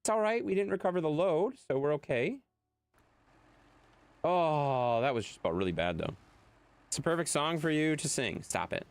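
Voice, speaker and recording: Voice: mid-range voice, lively intonation, normal speed, pauses often, clear, resonant tone. A game streamer chatting casually with viewers, loose and jokey, swearing freely. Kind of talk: casual live-stream chat.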